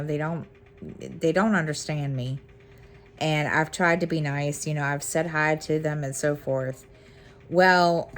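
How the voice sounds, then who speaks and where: A woman's voice: low-pitched, a little hiss or hum. A middle-aged woman chatting casually to her viewers, rambling with many ums and restarts. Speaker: cross-stitch vlogger. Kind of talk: casual chat to camera.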